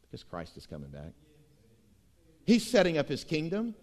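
A middle-aged male pastor preaching with a somewhat high voice. His pitch leaps and dips all over the place as he swings from hushed asides to loud, emphatic lines. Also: huge pitch swings, unhurried, pauses often. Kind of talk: sermon.

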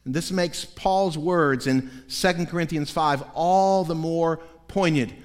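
High-voiced pastor preaching in a reverberant hall. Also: male voice, measured pace. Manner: dramatic storytelling, swinging between loud and hushed. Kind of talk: sermon. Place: church sanctuary. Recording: long reverb of a large hall.

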